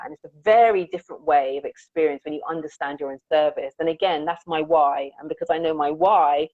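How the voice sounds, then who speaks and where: A woman guest on an interview, talking about her music in a reflective, earnest way and acting out the lines she quotes. Her voice sits fairly low. The audio is dull and dry, like a remote call. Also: brisk, hardly any pauses, a little mellow, no echo. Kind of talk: conversational interview storytelling.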